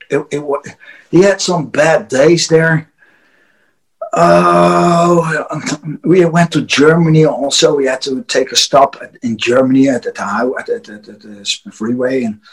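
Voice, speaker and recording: A man's voice: a little high, rough recording. A man, a wrestler, telling a casual story with frequent chuckles, profanity and restarted words. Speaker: wrestler guest.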